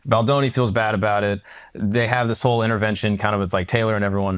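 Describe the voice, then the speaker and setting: A man co-hosting a casual podcast, recounting a story quickly and filling it with "like". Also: lowish voice, steady tone, clear, resonant tone, dry recording, clean studio sound. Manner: rapid storytelling with many "like" fillers. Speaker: podcast co-host recapping a story.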